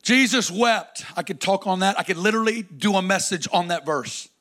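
A man preaching a sermon, dramatic, swinging between loud declarations and hushed, drawn-out lines. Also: high-pitched.

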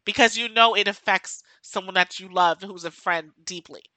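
A woman's voice: mid-range voice, normal speed, pushed and bright, no echo, poor audio. A woman hosting her own podcast, speaking in an emotional, impassioned monologue and hammering her points home by repeating them. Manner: impassioned, emphatic, repeats key phrases. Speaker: podcast host.

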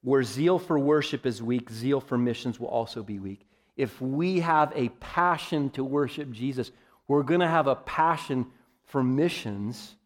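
A man preaching a sermon, emphatic, often calling his listeners "folks" and swinging from loud declarations to quiet, low asides. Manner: emphatic, varies loudness widely, addresses listeners as folks.

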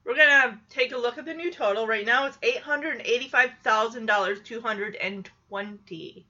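A woman retells a show in a chatty, giggly way, with a high, bright voice. She talks casually and animates the story as she goes. The recording sounds dull and lo-fi. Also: normal speed. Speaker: show recapper. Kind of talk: casual recap chat.

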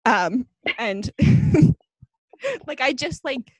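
A woman's voice: high-pitched, expressive, drawn-out words, no room sound, rough recording. A young woman co-hosting a podcast, ranting in a fired-up, casual way, full of "like.". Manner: fired-up, ranting, heavy use of "like". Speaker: podcast co-host.

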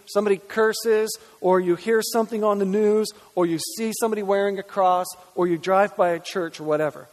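Emphatic high-voiced pastor in a reverberant hall. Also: male voice, fairly quick, few pauses, a little mellow. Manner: earnest, emphatic, repeats words when stressing a point. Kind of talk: sermon with scripture reading.

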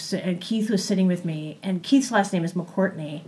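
A young adult woman telling a personal story in a casual way, animated, laughing often and acting out the voices she quotes. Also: lowish voice, moderate pace, hardly any pauses.

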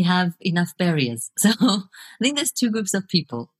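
Low, husky-voiced woman coach. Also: big pitch swings, normal speed. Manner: reflective, earnest, laughs easily. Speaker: guest, video coach and author. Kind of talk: podcast interview.

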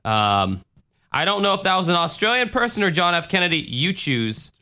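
A man's voice: high-pitched, sing-song, moderate pace, pushed and bright. A young man hosting a podcast, chatting loosely, joking around and swearing freely. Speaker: podcast host. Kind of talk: casual chat.

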